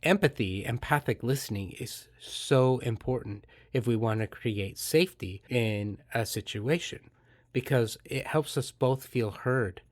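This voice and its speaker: A man talks through his ideas in an earnest, gently explanatory way, now and then acting out calm exchanges. His voice sits at a middle pitch, and the recording is dry and close with no room sound. It comes across as a reflective podcast monologue. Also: unhurried, no room sound. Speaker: podcast host and therapist.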